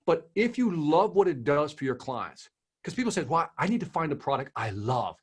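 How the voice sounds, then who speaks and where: A man's voice: a little high, very animated, moderate pace, breathy edge. A man speaking as a sales trainer in an interview, emphatic, asking rhetorical questions and repeating phrases. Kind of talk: interview conversation.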